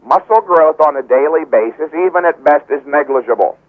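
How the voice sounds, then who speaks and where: A man's voice: on the high side, expressive, a little fast. A man who trains bodybuilders, a guest on a radio interview, lecturing emphatically and repeating his key points. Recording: tinny phone line.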